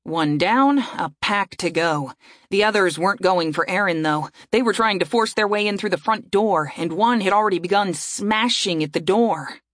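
A woman narrating a fantasy audiobook in a steady storytelling voice. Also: medium pitch, normal speed, no echo, studio quality.

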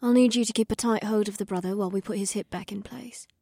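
A serene young orc shaman woman, as a male narrator puts her on, speaking gently in a high, airy, breathy voice. Her tone is mellow and soft, recorded close and dry for a storybook reading. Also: steady tone, fast, no echo, exaggerated voice. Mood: gentle.

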